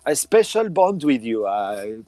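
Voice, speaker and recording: A man's voice: medium pitch, big pitch swings, unhurried, mellow, no echo, faint music behind, voice pushed up. A man voicing a clumsy, jealous townswoman who stammers apologies in a gushing, flustered way.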